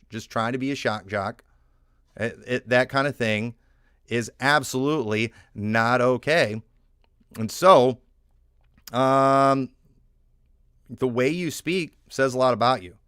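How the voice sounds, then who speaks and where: Pastor, male, northern American, mid-pitched, dry close sound, talky sermon with restarts. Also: unhurried, a bit bright, smooth, dry recording. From northern United States. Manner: conversational preaching with frequent fillers and restarts.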